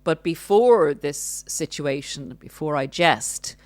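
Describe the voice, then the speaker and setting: A woman's voice: sits low, lively intonation, takes it slowly, no room sound. A woman hosting a talk, explaining earnestly and now and then dropping wry, dry asides. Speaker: host. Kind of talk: explanatory talk on narcissistic abuse.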